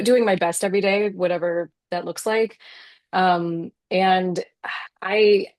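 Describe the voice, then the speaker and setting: A woman's voice: on the low side, a little mellow, no room sound. A woman novelist as a guest in an interview, talking in an earnest, reflective way and peppering her speech with "like.". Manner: earnest and reflective, many "like" fillers. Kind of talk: casual interview conversation.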